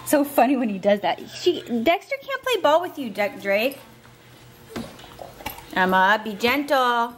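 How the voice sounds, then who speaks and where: A woman's voice: high voice, sing-song, measured pace, pauses often, a little hiss or hum. Chatty young woman vlogging at home. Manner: chatty, laughing, coaxing her pets. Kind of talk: casual home vlog chat.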